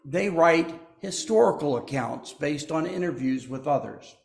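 A man preaching from the pulpit, slow and unhurried, with a fairly high voice for a man. His delivery is folksy, with joking asides to the congregation. The sound rings around a roomy church sanctuary. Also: expressive, gravelly, a little mellow. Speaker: pastor. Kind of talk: sermon. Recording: echoey church.

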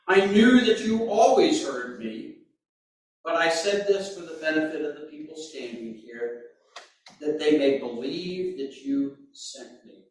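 Male pastor, fairly high voice, slow sermon delivery, very echoey church room, mic set back. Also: animated, distant mic. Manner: slow, deliberate preaching with sudden emphatic bursts.

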